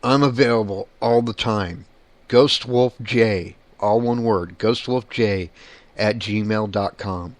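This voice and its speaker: Blunt low-voiced man, dry close sound. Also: slow pace, dry recording. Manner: blunt, swears casually. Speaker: paranormal investigator. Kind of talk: casual monologue.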